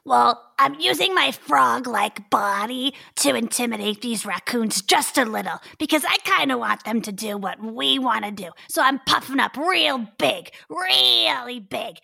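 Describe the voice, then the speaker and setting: A woman playing in a tabletop game, describing her moves in an animated, playful way. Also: a little high, moderate pace, vocal fry, few pauses, slightly rough. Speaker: player.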